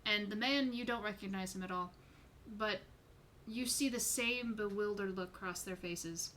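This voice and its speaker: A woman's voice: medium pitch, unhurried, fairly bright tone, a little hiss or hum. A woman narrating as game master in an online tabletop game. She describes scenes informally and swears casually.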